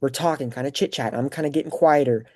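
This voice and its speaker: A young man hosting a podcast talks quickly in a medium-pitched voice. He spins a personal story casually and with energy, wandering off track and filling gaps with lots of fillers.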